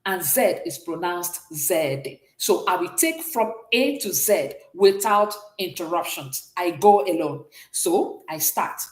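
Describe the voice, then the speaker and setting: Patient woman teaching French, lively voice. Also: on the low side, slow pace, few pauses, reverberant, poor audio. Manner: patient, repeats and checks understanding often. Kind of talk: classroom language lesson.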